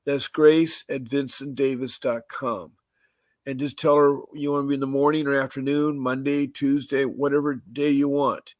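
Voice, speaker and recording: Man, podcast host, mid pitch, halting with fillers, repeats himself slowly, dry close sound. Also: flat delivery, dry recording. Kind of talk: live-stream housekeeping announcements.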